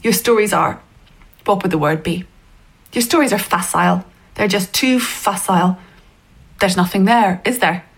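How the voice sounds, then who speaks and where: A woman's voice: medium pitch, moderate pace, pauses often, slightly rough. A woman voicing a smug, condescending man. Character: smug older male writer, condescending and patronising. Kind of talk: reading a story aloud.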